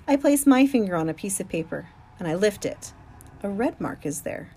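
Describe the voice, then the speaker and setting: A woman narrating an audiobook in the first person, calm and full of wonder. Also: medium pitch, moderate pace, slightly rough.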